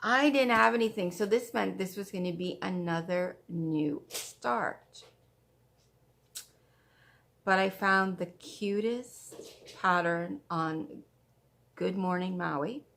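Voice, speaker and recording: A woman's voice: lowish voice, takes it slowly, creaky, long pauses, a bit bright. A woman hosting a stitching vlog, chatting casually and gushing over her projects, often repeating herself. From Canada. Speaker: flosstube host. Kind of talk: casual show-and-tell chat.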